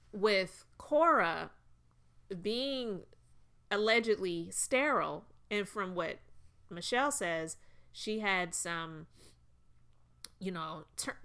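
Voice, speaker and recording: Bright, smooth-voiced woman commentator. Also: medium pitch. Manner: earnest, emotional, personal. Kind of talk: casual commentary monologue.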